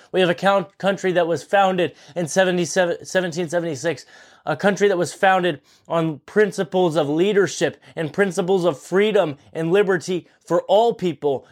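A young man in his twenties with a slightly higher voice talks straight to his listeners as host. He is earnest and pleading, hammering points home by repeating them. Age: 20s. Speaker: podcast host. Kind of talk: impassioned political monologue.

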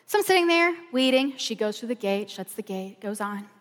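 A middle-aged woman pastor, telling a lively story in a casual, colloquial sermon style. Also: on the high side, normal speed. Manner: animated, colloquial storytelling with "y'all". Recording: long hall reverb.

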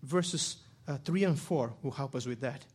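Husky-voiced male pastor preaching. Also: normal speed. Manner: swings from quiet, low musing to loud, emphatic preaching. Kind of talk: sermon.

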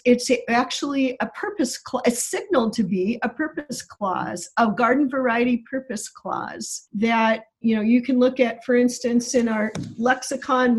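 A woman with a somewhat high, husky voice explains the grammar of a Greek text. She talks in a careful, technical way. Her sentences often stop and restart. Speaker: biblical Greek scholar. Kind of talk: explanatory interview talk.

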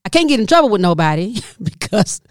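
A woman's voice: a little fast, no room sound, studio quality. Exasperated woman telling a story. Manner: animated, exasperated, with sharp pitch jumps for emphasis. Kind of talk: comedic storytelling monologue.

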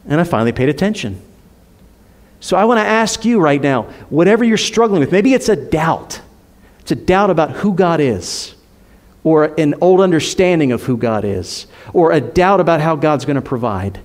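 A man with a high voice delivers a sermon in a church. He preaches emphatically, pushing up and louder on rhetorical questions, then sinking to near-whispers for effect. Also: animated, normal speed. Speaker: pastor.

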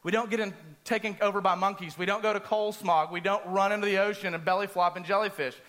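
Animated high-voiced preacher. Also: male voice, quick pace. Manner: animated storyteller, acts out screams. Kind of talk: sermon with personal story.

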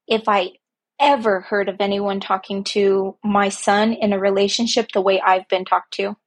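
A woman's voice: mid-range voice, little pitch movement, normal speed, slightly rough. A woman hosting a podcast, speaking earnestly and heartfelt about her own life as a parent, with emphatic repetitions. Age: young adult to middle-aged, a parent. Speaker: podcast host. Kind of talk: personal reflective monologue.

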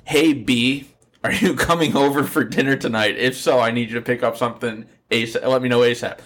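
A man's voice: medium pitch, fairly even intonation, brisk, fairly bright tone. A man chatting on a podcast in an easygoing, amused way. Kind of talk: casual chat.

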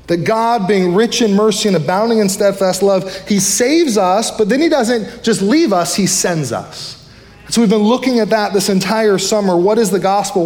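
A male pastor preaching a fired-up, fast-talking sermon to his church. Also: high-pitched, darkish tone, in a large hall. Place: church sanctuary.

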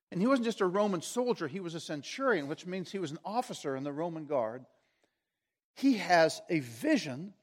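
A man preaching a sermon, retelling a story and asking his listeners questions. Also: high voice. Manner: storytelling, animated, asks the audience questions.

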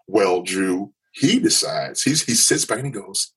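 Deep-voiced husky man, halting and earnest. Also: expressive, rough recording. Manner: earnest, halting with many restarts. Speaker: guest telling his story. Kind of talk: candid personal testimony.

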